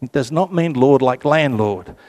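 A man leading a Catholic Bible study group, reading passages slowly and adding joking asides. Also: medium pitch. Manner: lively, joking asides, reads scripture slowly.

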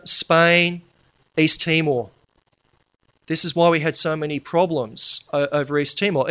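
A man addresses a live audience in a lecture. His voice sits a little high and rings bright and forceful. He drives his points home emphatically and slips in dry, humorous asides. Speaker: public speaker.

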